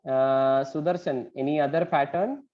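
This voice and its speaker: A man's voice: on the high side, normal speed. Patient male teacher on a muffled call. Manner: patient, questioning, explains step by step. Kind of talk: online class teaching.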